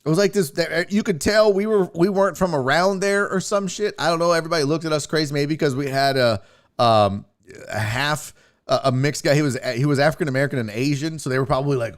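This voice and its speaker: Talking fast in a fairly high voice, a young host relates road-trip stories casually and with plenty of profanity. He animatedly acts out the things people said.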